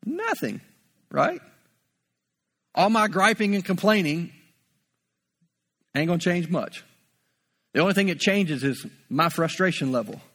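High-voiced male pastor, conversational sermon. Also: measured pace, pauses often, fairly bright tone. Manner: conversational, repeats words while building a point.

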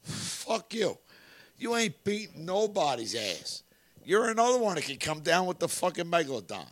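A man, co-hosting a sports podcast, loudly taunting rival players with profane insults and frequent laughter. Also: high voice, very animated, normal speed, no echo. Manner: loud, taunting, laughs often. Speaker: podcast co-host. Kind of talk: rowdy profane sports banter.

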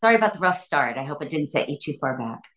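A woman's voice: deep voice, expressive, quick pace, fairly bright tone, faint music behind. A woman guest chatting with two podcast hosts over a video call, giggly and enthusiastic. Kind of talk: casual chat.

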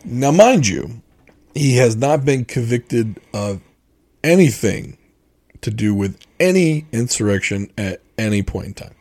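A man's voice: medium pitch, animated, a little slow, a little mellow. A man co-hosting a casual podcast chat, explaining things in an opinionated way with frequent fillers and restarts. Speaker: podcast co-host.

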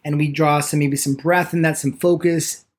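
Excited man teaching meditation. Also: moderate pace. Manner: enthusiastic, speeds up when excited; lively pitch, acts out people's excuses. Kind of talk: podcast lesson on meditation.

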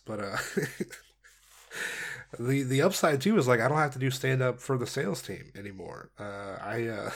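A young man telling stories on a casual solo podcast, rambling and laid-back, with many fillers, laughs and swearing. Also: mid-range voice. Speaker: podcast host.

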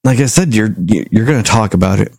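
A man casually reviewing a movie, rambling and animated as he retells scenes. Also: on the low side, brisk, vocal fry, husky, dry recording. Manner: rambling, animated storytelling with acted quotes. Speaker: movie review podcast host.

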